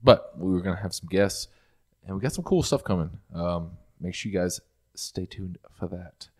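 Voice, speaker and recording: Deep-voiced young man hosting. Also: moderate pace. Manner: relaxed, jokey, wraps up the show. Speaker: podcast host. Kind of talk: casual chat.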